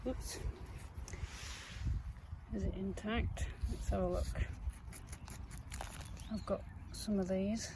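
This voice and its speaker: A Yorkshire woman chatting to camera out in a muddy field, easily excited by what she finds. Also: mid-range voice, slow, pauses often, background noise. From England. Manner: chatty, easily excited, talks to herself and viewers. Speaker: metal detecting vlogger. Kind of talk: casual talk to camera while digging.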